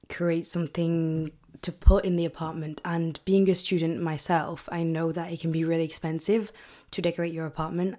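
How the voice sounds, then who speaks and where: A young woman from England hosting a solo podcast, talking in a chatty, excitable way with rambling asides. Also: on the low side. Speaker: podcast host. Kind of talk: casual solo podcast chat.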